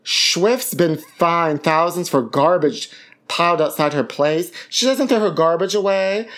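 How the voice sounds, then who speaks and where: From his apartment, a camp, theatrical podcast host dishes gossip into his podcast mic and calls listeners honey. He has a fairly high pitch with a slightly bright tone.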